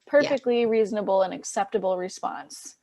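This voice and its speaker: A young woman musician chatting in an interview, laughing often and acting out what people said in a higher voice. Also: brisk, mellow, no room sound. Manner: chatty, laughs often, acts out quotes in a high voice. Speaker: musician guest. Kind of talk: casual interview chat.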